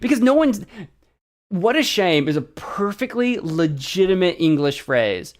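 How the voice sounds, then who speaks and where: A man's voice: sits high, sing-song, a little slow. An American man streaming, chatting casually as he practices a language app, thinking aloud and second-guessing himself.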